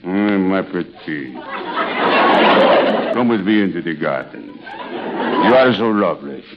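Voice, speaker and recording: Host playing a sultry French lover, deep, slow purr, 1940s radio comedy, lo-fi. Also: male voice, animated, a loud crowd, very noisy, full character voice. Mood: seductive. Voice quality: low, purring and drawn-out. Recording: muffled 1940s radio broadcast.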